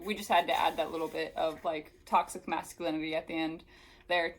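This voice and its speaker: Here the same kind of book reviewer, a young woman with a fairly low voice, talks fairly quickly over poor audio. She reads from a novel, then interrupts herself with exasperated, sarcastic remarks full of "like."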